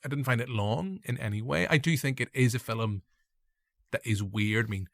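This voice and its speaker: A man's voice: mid-range voice, normal speed, fairly bright tone, no room sound, studio quality. A man with a Northern Irish accent hosting a casual film review podcast, sounding a little nasal and congested. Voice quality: gravelly, a bit nasal. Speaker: podcast host.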